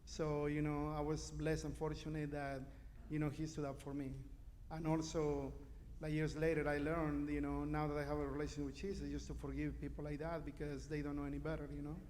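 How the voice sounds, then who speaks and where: A man's voice: a little high, monotone, a little fast, darkish tone. Mexican man telling his story in a hall. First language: Spanish. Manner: chatty storyteller, many "you know"s. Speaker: guest sharing a testimony. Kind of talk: personal testimony. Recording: live in a reverberant hall with faint noise.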